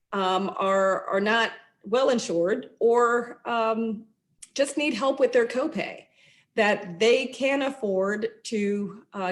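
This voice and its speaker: Woman council member moderating; halting, filler-heavy delivery, mid pitch. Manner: halting, many fillers and restarts. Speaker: host, local council member. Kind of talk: moderating an online event.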